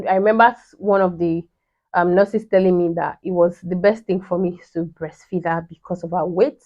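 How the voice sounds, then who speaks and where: A woman's voice: on the low side, a little mellow. A young woman, telling a personal story in a chatty vlog, full of "you know" and restarts. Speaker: vlogger. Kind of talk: casual storytelling. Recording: slightly dull lo-fi sound.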